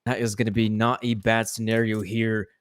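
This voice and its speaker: A man's voice: on the low side, flat delivery, normal speed, smooth. A man casting a live esports match, explaining rounds in an analytical, joking way. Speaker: esports caster. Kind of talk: live play-by-play commentary.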